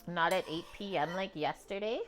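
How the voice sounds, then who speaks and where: A woman's voice: lowish voice, moderate pace. Canadian lady chatting on her cooking stream, easygoing, lots of "like"s, home kitchen, a little music in the back. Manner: chatty, loose, with frequent "like" fillers. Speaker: cooking livestream host. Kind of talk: casual stream chat.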